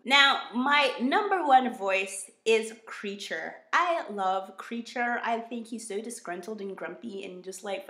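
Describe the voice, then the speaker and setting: A chatty, expressive American woman talks about books in a casual vlog. Her voice sits fairly high and bounces off a roomy, echoing space. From United States. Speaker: book vlogger. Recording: roomy echo.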